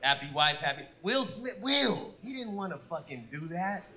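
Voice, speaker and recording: A male stand-up comic in his thirties, high-voiced and speaking at normal speed, performs a set on a comedy stage before a live audience. He is animated and profane and acts out quoted voices, and the roomy venue carries audience noise.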